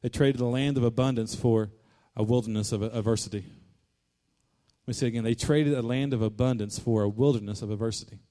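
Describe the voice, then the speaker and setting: A man preaching a sermon as pastor, fervent, repeating his lines for emphasis and rising to loud declarations. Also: mid-range voice, steady tone, a little fast.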